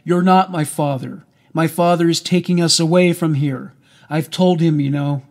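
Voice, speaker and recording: A man's voice: a little high, fairly even intonation, normal speed, mellow, lightly acted. A man voicing a frightened, defiant little girl. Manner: pleading and defiant.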